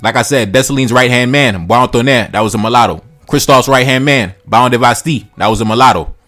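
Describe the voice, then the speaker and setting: Man, history-channel host, rapid delivery, reads then riffs bluntly with slang, faint music underneath. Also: medium pitch, a bit bright, dry recording. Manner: blunt, profane, slangy asides between read passages. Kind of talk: casual history commentary, reading passages aloud.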